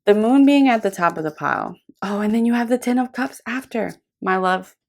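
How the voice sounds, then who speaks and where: A young woman giving a gentle, affectionate tarot reading straight to the viewer, rambling warmly with fillers and calling the listener "my love". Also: mid-range voice, expressive, fairly quick, creaky. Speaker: tarot reader. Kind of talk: intimate tarot reading to camera.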